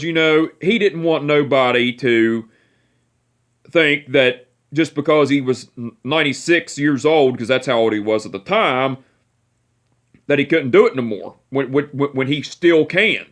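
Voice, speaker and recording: A young man talking casually in a home vlog, swearing freely and laughing at his own stories. His voice sits a bit higher than most men's. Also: a bit bright. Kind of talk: casual family storytelling.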